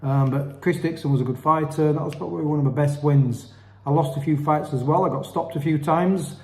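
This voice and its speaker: A middle-aged man, a boxing coach, talking quickly in a rambling, self-deprecating way. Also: fairly high pitch, reverberant. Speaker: boxing coach and channel host. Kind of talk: casual solo monologue.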